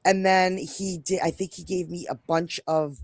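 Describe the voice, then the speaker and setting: A woman with a New York accent chats through a live stream, her speech rambling and full of restarts. Her voice sits a little low for a woman. The sound is dry and close, with no room echo. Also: fairly even intonation, normal speed. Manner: chatty, rambling, self-interrupting. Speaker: co-host. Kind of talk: casual live-stream chat.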